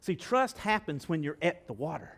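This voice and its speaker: A male pastor with a notably high voice preaches a sermon in a church sanctuary. His delivery is folksy and animated, jumping between loud bursts and hushed stretches. He keeps turning to the congregation with direct questions. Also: moderate pace, gravelly.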